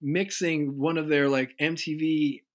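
Animated man telling band stories. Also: a little high, unhurried. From United States. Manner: animated storyteller who acts out quoted voices. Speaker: guest musician. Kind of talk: casual interview storytelling.

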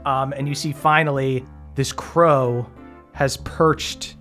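A man's voice: mid-range voice, fairly even intonation, slow pace, a bit bright, faint music behind. A man narrating a tabletop game as game master, loose and full of fillers. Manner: loose, filler-heavy narration with frequent laughs.

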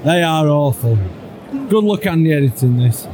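A man's voice: fairly high pitch, animated, moderate pace. A man in a football stadium chanting players' names and giddily narrating the score. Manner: chanting, giddy. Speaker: football fan. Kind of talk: chanting, commentary in a crowd. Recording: loud music and crowd behind.

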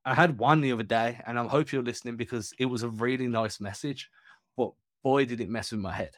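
A man's voice: mid-range voice, fairly quick, fairly bright tone, no echo. A man, co-hosting a sports podcast in loose, chatty talk full of fillers. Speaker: podcast co-host. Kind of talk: casual chat.

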